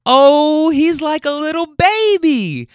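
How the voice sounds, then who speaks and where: A man's voice: very high voice, very animated, takes it slowly, dry recording, studio quality, pitched above the performer's own voice, heavily acted. A man voicing a group of tipsy, giddy forty-something women who squeal and gush over their driver. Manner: squealing, gushing.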